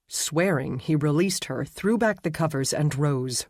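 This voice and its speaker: Audiobook narrator, man, steady telling, very dry close sound. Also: a little high, unhurried, few pauses, dry recording. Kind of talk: scripted narration.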